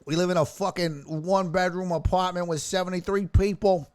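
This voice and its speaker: A man's voice: high voice, fairly quick, hardly any pauses. A man hosting a sports stream, reacting to clips in casual, profane commentary, laughing often and mocking fans. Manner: excitable, laughs often, swears a lot, mocking impressions.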